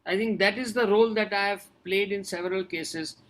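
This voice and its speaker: A man's voice: sits high, steady tone, a little fast, fairly bright tone. A man who is a doctor, answering audience questions over a video-call webinar in an earnest, advising way and repeating his key points.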